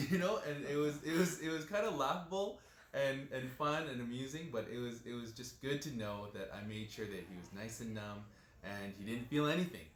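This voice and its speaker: Man, dentist, chatty and relaxed. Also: medium pitch, normal speed. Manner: relaxed storytelling, many "you know" fillers. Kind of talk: casual interview talk. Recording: echoey room with faint ambience.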